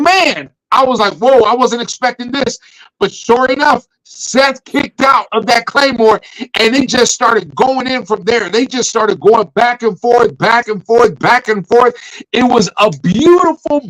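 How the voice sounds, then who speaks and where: High-voiced man animatedly recapping wrestling. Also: low-quality recording. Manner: animated storytelling, acts out his own reactions. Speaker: podcast co-host.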